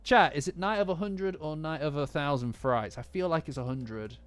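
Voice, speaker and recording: A man's voice: on the high side, moderate pace. A man from Nottingham with a Nottingham accent, chatting casually on a live stream and reading to his chat, rambling and easily distracted, poking fun at himself. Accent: Nottingham English. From Nottingham, England. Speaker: streamer reacting to a manga chapter with chat. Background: faint lofi background music.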